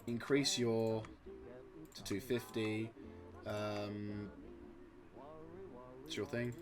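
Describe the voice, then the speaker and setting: A man casually commenting on a strategy game, rambling and excitable, swearing freely and chuckling at his own jokes. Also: lowish voice, extremely slow, over music. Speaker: gaming channel host.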